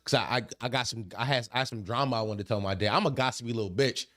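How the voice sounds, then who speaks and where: Man, podcast host, casual storytelling, animated, profane, repeats phrases, mid-pitched voice. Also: very fast.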